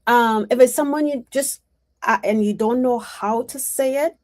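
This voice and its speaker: A woman's voice: on the high side, normal speed, a little mellow. A woman psychic reader giving a casual mediumship reading, rambling and chatty with many restarts.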